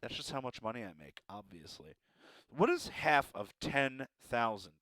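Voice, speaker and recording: A man's voice: medium pitch, sing-song, moderate pace, a bit bright, dry recording. A man teaching a math lesson, encouraging and playful with joking asides.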